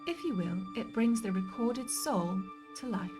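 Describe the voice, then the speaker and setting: A woman's voice: a little high, expressive, a little slow, over music. A woman voicing a formal, matter-of-fact robot servant who speaks to his mistress.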